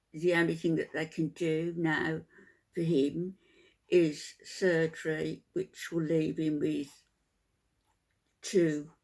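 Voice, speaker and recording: An older woman vlogger, tired after a sleepless night, chats softly to camera in a halting way, with many ums. Her voice is deep.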